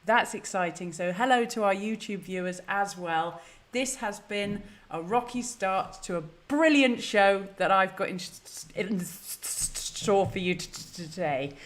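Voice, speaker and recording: A woman's voice: mid-range voice, measured pace, few pauses. A woman hosting a live stream, chatty, flustered and self-deprecating. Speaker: host. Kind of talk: casual live-stream chat.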